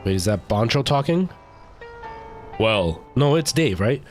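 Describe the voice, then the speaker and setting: A man's voice: lowish voice, very animated, unhurried, over music. A young man streaming a game, chatting casually and rambling as he plays. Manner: chatty, rambling, self-correcting. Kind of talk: casual gameplay commentary.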